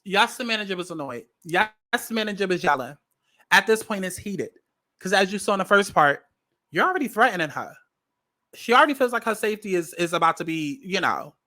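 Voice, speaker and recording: A woman's voice: medium pitch, bright, forceful tone. A woman hosting casual commentary on a viral video, blunt and sassy, repeating lines for emphasis. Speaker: commentary host.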